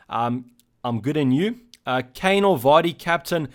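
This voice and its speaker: A man with a South African accent hosting a casual live-stream Q&A, reading out chat messages and answering them in a loose, halting way. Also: on the high side, a bit bright.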